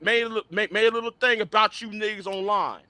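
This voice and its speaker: A man's voice: sits high, fast, pushed and bright. A man on an online stream panel, arguing heatedly and stammering, often repeating words as he is pressed.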